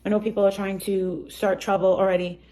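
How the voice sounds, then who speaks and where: A woman's voice: medium pitch, flat delivery, brisk, warm tone. A woman talking on a live stream, hesitant and full of ums. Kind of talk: casual live chat.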